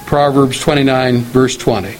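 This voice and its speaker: A middle-aged man preaching a sermon on marriage in a measured, earnest way, slowing down to quote scripture. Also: medium pitch, steady tone, slight background noise, poor audio.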